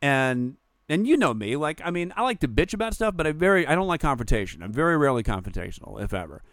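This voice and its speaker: New guy in his 40s, swears a lot, voice jumps all over, smooth and clear. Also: fairly high pitch, fast talker, dry recording. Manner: animated storyteller, swears freely, acts out quotes. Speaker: podcast co-host. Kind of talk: casual chat.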